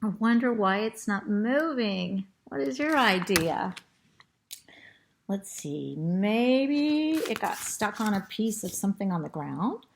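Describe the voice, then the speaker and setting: A woman with a throat tickle reading a storybook aloud to children, pausing to point at pictures and ask them questions. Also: mid-range voice, animated, creaky, slight background noise.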